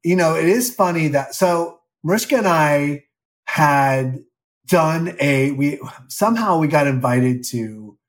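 A man's voice: a little high, animated, slow. Candid rambling man in his fifties. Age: 50s. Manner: candid, rambling, self-deprecating. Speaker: actor guest. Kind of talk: casual interview chat.

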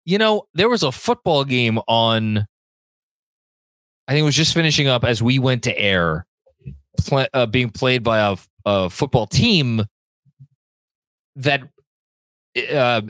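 A man's voice: mid-range voice, fairly bright tone, no echo. A man co-hosting a sports podcast, chatting casually and joking between fillers and restarts. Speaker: podcast co-host.

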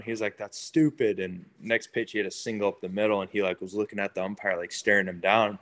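A young man with a fairly low voice tells stories in a loose, chatty way. He jumps into other people's lines as he recounts them, keeping the pace lively and conversational. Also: quick pace. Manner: animated, acts out quotes of others. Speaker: baseball player guest. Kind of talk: casual storytelling interview.

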